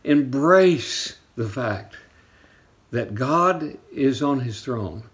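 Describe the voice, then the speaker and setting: A man preaching a sermon from the pulpit, telling a story and then teaching from it. His voice sits in an ordinary middle range. He slows right down to stress the lines that matter and drops low for quiet asides. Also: expressive. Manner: storytelling preacher, shifts pace for emphasis, drops to soft asides. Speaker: pastor.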